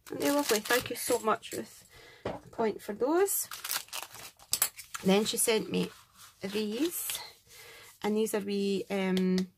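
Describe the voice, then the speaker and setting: A woman's voice: medium pitch, a little hiss or hum. A Scottish woman hosting a craft channel, chatting to camera as she unboxes gifts and gushes over each one. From Scotland. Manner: gushing, chatty, thanks each sender warmly. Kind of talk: casual unboxing chat to camera.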